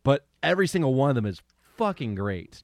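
A man co-hosting a podcast in casual chat, animated and rambling, swearing freely and filling with "like". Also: medium pitch, fairly quick, no room sound, studio quality. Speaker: podcast co-host.

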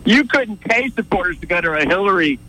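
A man's voice: high voice, expressive, fairly quick, pushed and bright, slight background noise, poor audio. A man calling in to a radio show, chatting loosely with the host, rambling a little. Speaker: caller, former radio colleague. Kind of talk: casual call-in chat.

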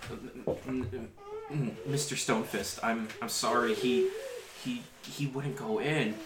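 A man's voice: medium pitch, flat delivery, very slow, reverberant. A man voicing a timid young boy who stammers in fear. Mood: frightened.

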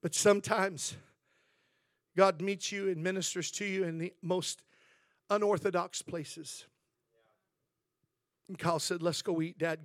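High-voiced bright storytelling preacher. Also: male voice, no echo, studio quality. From Southern California. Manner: storytelling preacher, rising to shouts; frequent amens and praise interjections. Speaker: pastor. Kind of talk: sermon.

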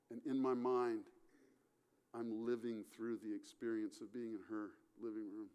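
A man's voice: mid-range voice, flat delivery, moderate pace, clean tone. Middle-aged male pastor, sermon storytelling, dynamic swings in volume. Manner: storytelling with acted-out dialogue, swings from loud to hushed.

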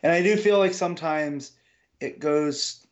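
Hesitant man, a bit high, dull sound. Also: measured pace. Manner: loose, hesitant, chatty. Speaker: podcast co-host. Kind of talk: casual comic book discussion.

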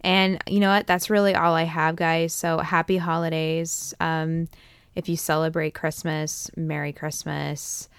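Low-voiced, gravelly woman podcast host. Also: flat delivery, measured pace, dry recording. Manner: chatty, many ums, warm wrap-up. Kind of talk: solo podcast talk.

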